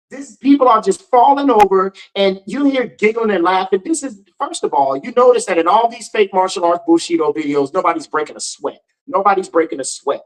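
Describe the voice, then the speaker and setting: A man's voice: high voice, expressive, a little fast, fairly bright tone, rough recording. A man hosting his own show, ranting in an emphatic commentary style and repeating lines for effect. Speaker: host.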